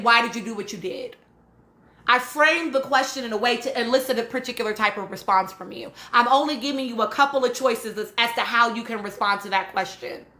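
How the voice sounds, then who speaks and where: Reading her live chat during a stream, this woman responds casually and emphatically, often asking "right?" Her voice is fairly high, bright and forceful, and the room is echoey.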